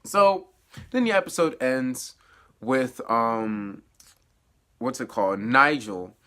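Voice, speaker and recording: A man at an ordinary middle pitch talks through a TV episode in a loose, casual review. He laughs often and swings between quiet, low asides and sudden excited, raised outbursts. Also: takes it slowly. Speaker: TV review vlogger. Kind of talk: casual spoiler review chat.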